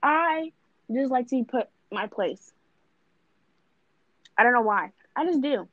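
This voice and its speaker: Young woman, casual podcast chat, blunt and profane, fairly high voice, dry close sound, slightly dull audio. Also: expressive, takes it slowly, dry recording. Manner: blunt, profane, rambling with many fillers. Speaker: podcast co-host.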